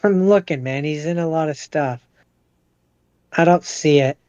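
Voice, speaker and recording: A man's voice: fairly high pitch, unhurried, darkish tone, smooth, dry recording, muffled recording. A man co-hosting a casual podcast chat, hesitant and full of fillers and restarts. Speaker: podcast co-host.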